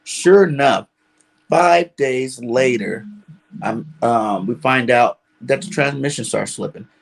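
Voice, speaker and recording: A man's voice: medium pitch, slow, gravelly. A man telling a long personal story in casual talk, constantly filling with "you know". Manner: rambling, fills with "you know". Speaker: caller.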